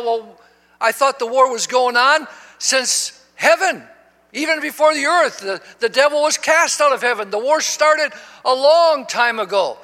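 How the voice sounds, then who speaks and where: A man in his sixties, a pastor, preaching a sermon that swells into shouts and call-and-response. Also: very high-pitched. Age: 60s. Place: church sanctuary. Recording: long reverb of a church hall.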